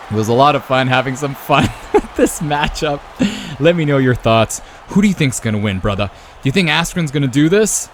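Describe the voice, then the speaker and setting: A man calls a simulated boxing match from a video game in a loose, chatty play-by-play. He breaks into loud exclamations when the punches land and peppers his talk with "man" and "brother.". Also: mid-range voice, slight background noise. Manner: excitable, jumps to loud exclamations at big moments; casual, says "man" and "brother". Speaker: YouTube sports host.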